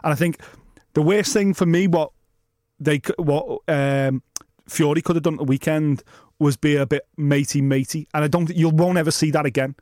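A man talking boxing on a podcast, sweary and animated, acting out little scenes in silly voices. His voice sits a little high, and the sound is close and dry. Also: normal speed, no echo. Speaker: podcast co-host. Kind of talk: casual boxing chat.

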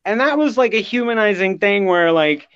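A man with a notably high voice talks earnestly on a casual podcast, getting emotional and stumbling over restarts. The sound is dull and lo-fi. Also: expressive, normal speed, a bit bright, clear, resonant tone. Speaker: podcast guest.

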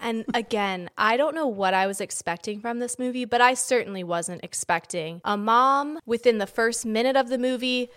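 Chatty woman co-host, higher voice. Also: normal speed, hardly any pauses, a bit bright. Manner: chatty, rambling, lots of 'like', acts out quotes. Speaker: podcast co-host. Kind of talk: casual chat.

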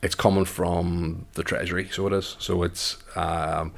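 A man with a Derry accent rambles hesitantly through his answer, leaning on fillers. His very low voice is gravelly and flat in pitch. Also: measured pace. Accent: Derry, Northern Irish. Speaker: local guest.

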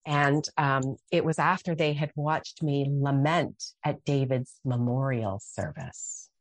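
A middle-aged woman speaks passionately as a guest on a faith interview, dramatically acting out her own prayers and quotes. Her voice rumbles low and moves slowly, with no room sound.

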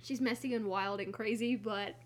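A young woman co-hosting a book podcast, recapping the plot excitedly with lots of fillers. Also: medium pitch, normal speed. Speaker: podcast co-host. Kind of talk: casual book podcast chat.

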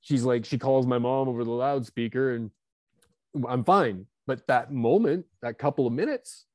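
A man in his fifties with a warm, mellow voice tells stories from his own life, animated and confessional, full of fillers and quick restarts. The sound is dry and close, with no room echo. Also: mid-range voice. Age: 50s. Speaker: guest author. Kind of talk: candid storytelling.

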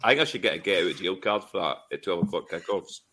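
Man, low voice, podcast panelist, wry, self-deprecating. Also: lively intonation, fast, fairly bright tone. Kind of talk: casual podcast chat.

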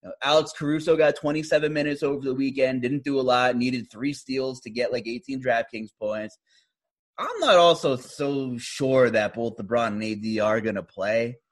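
A man co-hosting a casual basketball betting podcast, rambling in a relaxed way and trailing off. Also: medium pitch, normal speed. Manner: laid-back, rambling, trailing off. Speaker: fantasy basketball podcast co-host.

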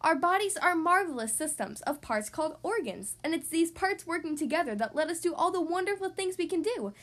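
Woman doing a brisk bear doctor explaining stuff, high lively voice.

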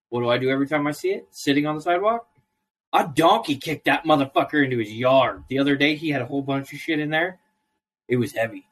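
A man's voice: fairly high pitch, a bit bright. A man on a casual podcast, ranting in a profane, storytelling way. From Idaho, US. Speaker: co-host.

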